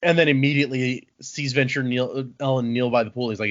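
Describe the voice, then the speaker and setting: A man hosting a podcast, casually recapping a book chapter and acting out the characters' lines in an animated way. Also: medium pitch, fairly quick. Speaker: podcast host. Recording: dull lo-fi audio.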